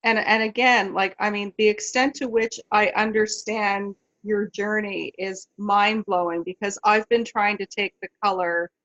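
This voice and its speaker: A woman's voice: medium pitch, fairly even intonation, measured pace, hardly any pauses, a bit bright, dull audio. A woman in a webclass, thinking aloud and thanking the hosts with enthusiasm over a video call. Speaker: webclass participant. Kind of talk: casual chat.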